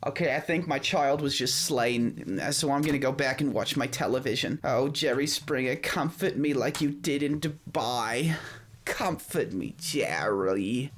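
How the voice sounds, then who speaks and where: Male streamer doing an overworked, sassy single mom, mid-pitched, melodramatic and sarcastic. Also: measured pace, fairly bright tone, a little hiss or hum, natural voice. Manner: melodramatic, sarcastic, swings from mutters to shrieks. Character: frazzled sassy single mother, tired, boozy, camp. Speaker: gaming video host. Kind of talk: comedic let's-play role-play.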